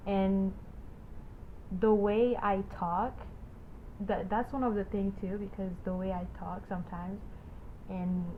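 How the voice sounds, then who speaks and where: A young woman with a Creole-tinged accent, speaking haltingly with many restarts in a casual discussion. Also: mid-range voice, fairly even intonation, narrow, tinny audio, slight background noise. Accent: Haitian Creole-influenced.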